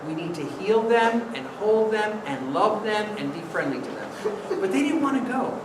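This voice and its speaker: A playful, animated priest leads a children's story and keeps asking the kids questions. He sounds distant in a roomy church with steady background noise. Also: sits high, normal speed. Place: church sanctuary. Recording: echoey church from far off, noisy.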